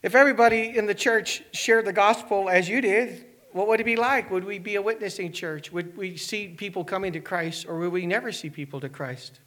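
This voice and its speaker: A man's voice: high voice, fairly quick, hardly any pauses, fairly bright tone. A man pastor preaching a sermon, asking his congregation one earnest question after another.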